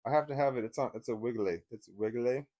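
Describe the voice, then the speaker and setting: A man's voice: mid-range voice, quick pace, dark tone, dull audio. Rambling, cursing storyteller man. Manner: rambling, swears freely, many restarts, laughs while telling. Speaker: divorced father telling a story. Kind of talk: casual personal storytelling.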